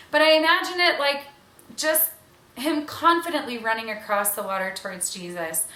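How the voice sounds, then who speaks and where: Woman, 30s, earnest devotional speaker, chatty asides, bright higher voice, echoey room. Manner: earnest, conversational, with casual asides. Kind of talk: online women's devotional.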